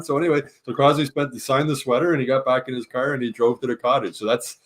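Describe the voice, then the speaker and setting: He talks fast with few pauses, his pitch medium and his accent Canadian. As a hockey columnist guest in a relaxed chat, he relays anecdotes energetically, acting out the quotes.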